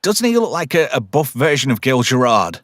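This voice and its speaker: A man's voice: medium pitch, a little fast, no echo. Chatty man retelling film scenes. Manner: animated storyteller, hums theme tunes. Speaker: podcast host. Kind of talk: casual film review chat.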